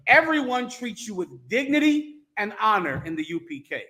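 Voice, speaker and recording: A man's voice: high-pitched, expressive, moderate pace, few pauses, a bit bright. A male preacher giving a stern, scolding sermon full of blunt, crude threats.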